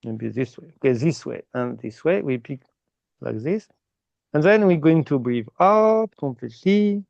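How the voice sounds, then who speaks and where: Male meditation teacher, slightly high and gravelly, dry muffled sound, patient non-native English. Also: animated, a little mellow, no echo. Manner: explains slowly and repeatedly, ending phrases with "okay?"; non-native English with simple grammar slips. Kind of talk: guided meditation instruction.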